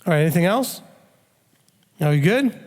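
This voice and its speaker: A man teaching a sermon-style question and answer session, calm and explanatory, sometimes acting out what a parent would say. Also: high-pitched, moderate pace, long reverb tail. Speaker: rabbi teaching a Q&A.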